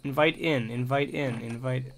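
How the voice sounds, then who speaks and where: A man commentating a life-sim game, getting exasperated and shouting insults at the characters. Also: medium pitch, moderate pace, a little hiss or hum. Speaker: gameplay commentator. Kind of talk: let's play commentary.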